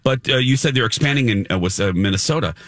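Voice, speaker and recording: A man's voice: mid-range voice, animated, fast talker, a bit bright, no echo, studio quality. A man co-hosting a morning radio show, chatting casually with many fillers and self-mocking restarts. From Indiana. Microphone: studio microphone.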